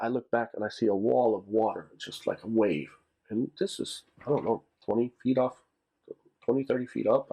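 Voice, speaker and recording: A man's voice: on the low side, darkish tone, husky. A middle-aged man casually recounting a story, rambling and repeating himself as he acts out what people said. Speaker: military storyteller, channel host. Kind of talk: casual spoken anecdote.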